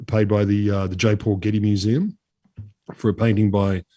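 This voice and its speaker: A man's voice: fairly low pitch, level tone, moderate pace, dark tone, no room sound. A man co-hosting a podcast, telling a story in a chatty, swearing, casual way. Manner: chatty, swears freely, drops into mock voices. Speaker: podcast co-host.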